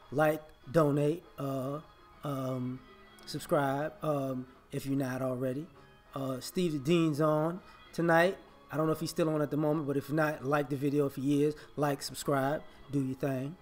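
High-voiced man ranting on his channel, keeps repeating himself, music faint behind. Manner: emphatic, confrontational, repetitive. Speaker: vlogger. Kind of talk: opinion monologue.

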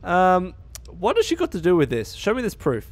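Brief: lively male let's-player, higher voice, swears and laughs freely. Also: moderate pace, no echo. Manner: excitable, profane, laughs a lot. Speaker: let's play gamer. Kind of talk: casual gameplay commentary.

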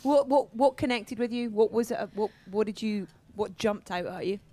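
A woman interviewer with a slightly high voice and a mellow, warm tone. She puts her questions in a friendly way and reacts with short enthusiastic remarks. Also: moderate pace.

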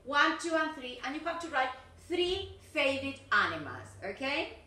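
A woman's voice: high voice, big pitch swings, moderate pace, bright, forceful tone. A middle-aged woman teaching an English video lesson, chatty and encouraging, with frequent "okay" and "yes". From Argentina. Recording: echoey room, distant mic.

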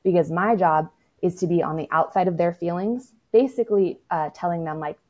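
A woman's voice: on the low side, a little fast, a little mellow. A woman speaking as a toddler-parenting expert in a casual podcast conversation, frank and matter-of-fact, with lots of "like" and the odd swear word.

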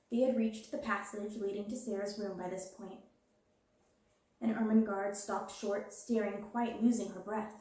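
A woman reading a children's classic aloud as a storyteller, with gentle, even narration. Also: mid-range voice, a little slow, heavy reverb, low-quality recording.

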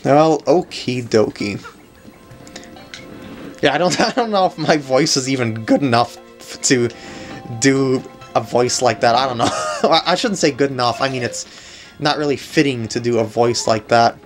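A man's voice: medium pitch, moderate pace, soft background music. A man giving casual gameplay commentary, chatty and laughing often. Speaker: let's play commentator.

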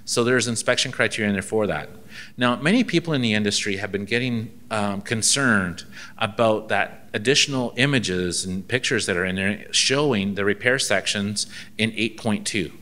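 Bright-voiced man telling a wry story. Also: lowish voice, normal speed. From Canada. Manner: storytelling, acts out dialogue, dry humor. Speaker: ministry inspector giving a seminar. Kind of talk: seminar talk with anecdotes.

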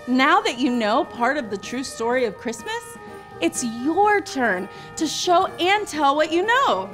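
A woman's voice: sits high, sing-song, takes it slowly, a bit bright, soft background music. A young woman hosting a preschool Bible lesson, speaking in an exaggerated, playful way to cheer on small children. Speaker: children's show host.

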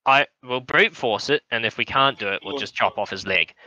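A man's voice: medium pitch, pushed and bright, no echo, highs cut off. A man playing a tabletop game, rowdy and swearing, bantering with the group. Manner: rowdy, swearing, quick to laugh. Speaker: player.

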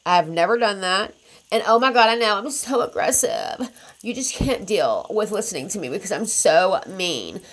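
A woman's voice: medium pitch, lively intonation, normal speed. A young adult woman ranting to the camera as a commentary vlogger, blunt and confrontational, swearing heavily. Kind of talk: profane drama commentary rant.

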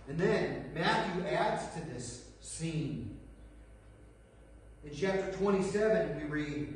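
A male pastor preaches earnestly, leaning on dramatic pauses and dropping to a hush for the retold scenes. His voice sits high and rings out in a large hall with a long echo. The mic is far from him, with faint room ambience beneath. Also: animated, slight background noise. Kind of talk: sermon. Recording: echoey hall recorded from far off.

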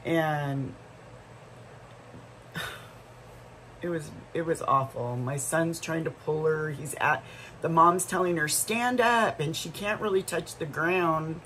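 A woman's voice: low-pitched, fairly bright tone, a little hiss or hum, low-quality recording. A middle-aged woman vlogger telling a story in a casual, rambling way, full of asides and restarts.

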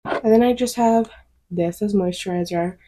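In her bedroom at home, a young woman films her morning routine on a tripod-mounted camera, rambling casually through a get-ready-with-me chat and swearing now and then. Her voice is medium-pitched and warm, at a moderate pace, and the recording is rough.

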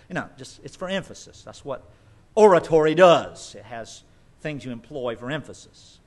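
A man preaching a sermon as pastor, emphatic and conversational, with quick asides. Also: medium pitch, expressive.

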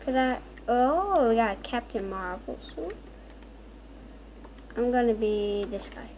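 Woman host, high voice, unhurried delivery, excitable gameplay commentary with squeals. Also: highs cut off, slight background noise. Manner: excitable, frequent squealing exclamations. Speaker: gaming video host.

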